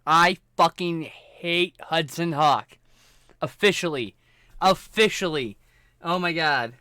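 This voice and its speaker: A man's voice: fairly high pitch, slow pace, sharp tone, smooth, no echo, studio quality. A man streaming live, ranting casually and profanely about movies while working through his film collection. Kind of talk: casual livestream rant.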